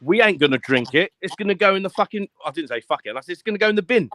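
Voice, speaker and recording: A man telling stories in a casual live-stream chat, animated and full of swearing, acting out what people said. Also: high voice, racing. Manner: animated storyteller, swears a lot, acts out quotes.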